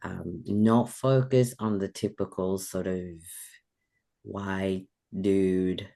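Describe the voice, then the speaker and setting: A man's voice: sits low, level tone, slow, vocal fry, mellow. A man in his thirties with a British-sounding accent, chatting as an author guest in a casual, rambling way, laughing often. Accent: British-sounding English. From Sweden. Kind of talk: casual podcast interview.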